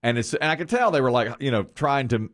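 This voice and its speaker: Animated man telling a family story on air. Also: mid-range voice, a little fast. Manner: animated storytelling, laughing at his own story. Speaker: radio show co-host. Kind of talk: casual morning show chat.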